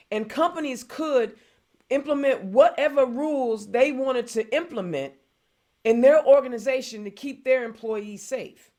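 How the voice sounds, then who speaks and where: A woman from hosts a political talk show, her slightly high voice driving an indignant rant. She hammers her points home by repeating phrases. The delivery stays impassioned and conversational throughout. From Indiana.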